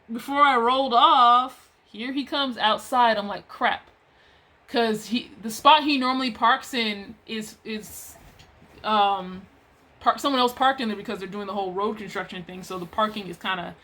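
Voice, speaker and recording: A woman's voice: mid-range voice, a little slow. Exasperated woman ranting about work. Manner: exasperated, animated, chatty. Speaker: vlogger telling a work story. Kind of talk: casual storytime rant.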